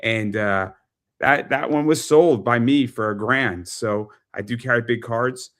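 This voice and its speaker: A man's voice: medium pitch, a little slow, fairly bright tone. A man hosting a pop culture interview show, chatting casually and plugging his store with lots of repetition. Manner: chatty, repeats phrases, salesy plugs. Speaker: podcast host and eBay seller. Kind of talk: casual talk-show chat.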